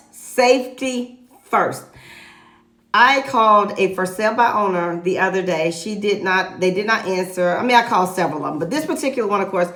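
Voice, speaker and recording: Animated woman realtor, echoey room. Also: medium pitch. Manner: animated, lively retelling with emphatic repeats. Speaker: real estate agent. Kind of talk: casual storytelling to camera.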